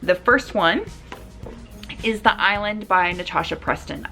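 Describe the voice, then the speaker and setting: A woman's voice: fairly low pitch, animated, unhurried, gravelly, long pauses, sharp tone, faint music behind. A woman chatting casually as she reviews books to her camera, rambling with lots of "like" and "um". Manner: chatty, rambling, many "like" and "um" fillers. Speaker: book reviewer. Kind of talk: casual book review chat. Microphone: camera mic.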